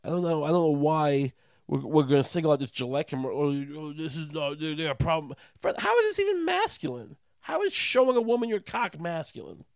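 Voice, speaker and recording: A man on a sarcastic, profane comedic rant, his voice jumping high when he gets indignant. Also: animated, a little fast, no room sound.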